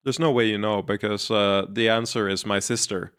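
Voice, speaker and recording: A man's voice: lowish voice, steady tone, moderate pace, fairly bright tone, clean tone. A man streaming a game, thinking aloud and musing about its story. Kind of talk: live game commentary. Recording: faint music behind.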